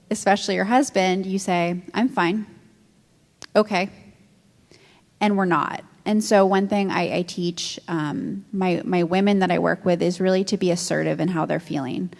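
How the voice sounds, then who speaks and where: A woman couples therapist on a discussion panel, giving measured advice with frequent pauses and ums. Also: mid-range voice, gravelly, darkish tone. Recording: long hall reverb.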